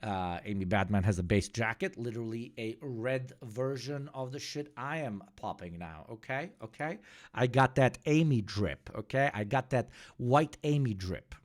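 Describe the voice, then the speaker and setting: A man's voice: medium pitch, animated, moderate pace. A man hosting a livestream, giving casual, sarcastic and profane commentary. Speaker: livestream host.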